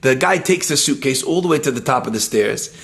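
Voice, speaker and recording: Guy giving a torah class, super expressive, pitch jumps all over, kinda gravelly. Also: brisk. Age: adult, schooled in yeshiva. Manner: animated storyteller, uses Hebrew terms. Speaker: Torah teacher. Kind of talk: lively Torah lesson with stories.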